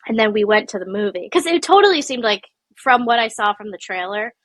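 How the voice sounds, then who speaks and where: A woman co-hosting a podcast, chatting casually while sick with a cold, telling animated stories and often laughing. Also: medium pitch, fairly quick, dry recording. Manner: animated storyteller, laughs often, quotes people in voices. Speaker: podcast co-host. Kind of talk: casual chat.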